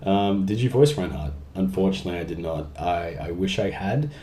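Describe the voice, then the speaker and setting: A young man with a low, warm voice talks a little fast as he answers fan questions in a casual vlog. He reads each question aloud and jokes around in a chatty way, with a roomy echo on the recording.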